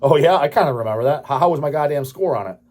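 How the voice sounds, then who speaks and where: Husky man ranting with heavy swearing. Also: a little high, expressive, very fast, darkish tone. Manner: crude, swearing, dismissive ranting. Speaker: channel host answering viewer questions. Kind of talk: profane ranting casual talk.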